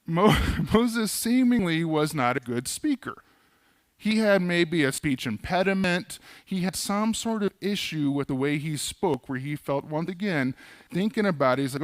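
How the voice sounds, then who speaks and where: Male pastor, relaxed conversational sermon delivery, fairly high voice, dry close sound, joking asides. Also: unhurried, no echo. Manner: conversational with casual humorous asides. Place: church.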